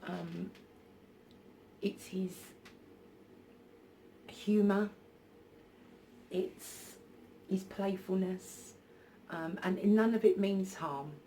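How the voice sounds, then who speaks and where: A woman's voice: mid-range voice, fairly even intonation, drawn-out words, pauses often, dark tone, slight background noise. A woman telling a personal story in a casual vlog on her phone, hesitant and full of ums and restarts. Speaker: spiritual vlogger.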